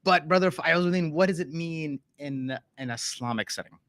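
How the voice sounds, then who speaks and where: Bright-voiced man hosting. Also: on the high side, normal speed, no room sound. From Canada (Toronto area). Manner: chatty, jokey, lots of fillers. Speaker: host. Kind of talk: casual live talk show.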